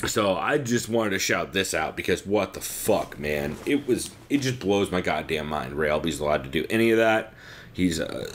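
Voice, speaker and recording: A man's voice: deep voice, animated, moderate pace, a little hiss or hum. Exasperated, profane young man on a podcast. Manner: profane, exasperated rambling with fillers. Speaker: podcast host. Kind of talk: casual podcast recap.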